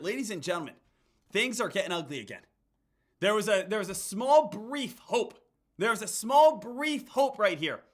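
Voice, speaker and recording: A man's voice sitting high and a bit bright drives emphatic stock market commentary. Repetitive and hype-driven, he keeps addressing the audience as "guys" and "team."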